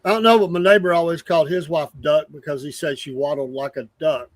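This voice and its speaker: A man's voice: fairly high pitch, steady tone, fast, no room sound. A man, a co-host telling stories in casual chat, earnest and hedging.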